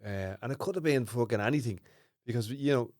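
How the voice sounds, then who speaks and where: Relaxed podcast host. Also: male voice, medium pitch, fairly quick, no room sound, studio quality. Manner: relaxed, swears casually. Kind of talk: casual chat.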